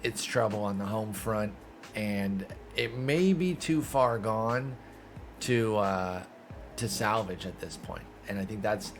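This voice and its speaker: A man's voice: lowish voice, slow, faint music behind. A young man giving casual gameplay commentary, talking to himself and the game with exasperated, profane bursts of mock outrage. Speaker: gaming streamer.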